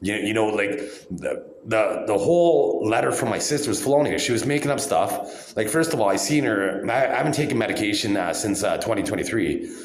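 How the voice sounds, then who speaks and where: In an echoey hospital room, a vlogger in his forties rants angrily and accusingly straight into the camera, repeating himself as he goes. His voice sits fairly low, with lively intonation and a fairly quick pace.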